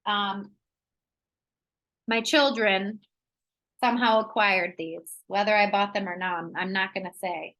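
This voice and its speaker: Woman wellness presenter on a video call, chatty, energetic, bright forceful tone. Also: medium pitch, slow, pauses often, rough recording. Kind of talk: live online workshop talk.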